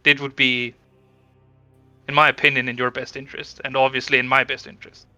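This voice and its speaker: A man playing an earnest young adventurer who urges a guard captain to act, talking persuasively with small stumbles. His voice is very bright and sharp, and the sound is dry and close. A tabletop game character. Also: mid-range voice, level tone, no room sound, faint music behind. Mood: urgent, persuasive. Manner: earnest, persuasive, slightly halting. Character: Gesh, young adventurer pleading for his siblings.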